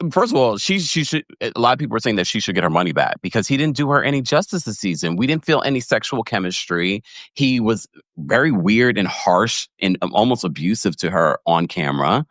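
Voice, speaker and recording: Playful lower-voiced man dishing gossip. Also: fairly bright tone, dry recording, studio quality. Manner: gossipy, playful, laughs often. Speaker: podcast host. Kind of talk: casual chat.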